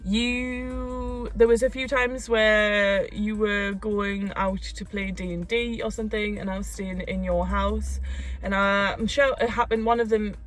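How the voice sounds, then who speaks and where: Young woman, casual storytelling, animated, faint music behind. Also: mid-range voice, a little slow. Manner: animated, laughing, acts out quotes. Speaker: co-host of a couple's channel.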